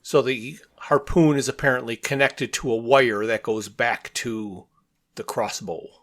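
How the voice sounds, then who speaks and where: Slow-talking man with dry asides. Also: medium pitch, steady tone, fairly bright tone. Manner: dry, wry asides while reading along. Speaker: podcast co-host. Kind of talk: casual comic book discussion.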